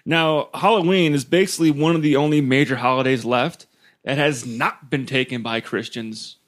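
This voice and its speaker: A man's voice: mid-range voice, moderate pace. A male podcast host in casual chat, rambling and profane, often laughing as he talks.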